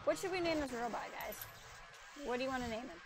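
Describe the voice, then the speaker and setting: A woman streams a video game and chats away about what she sees. Her voice sits a little high. A clear hiss of background noise runs under her talk. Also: expressive, fast talker. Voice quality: chatty, reacting aloud to the game. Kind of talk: casual live-stream commentary.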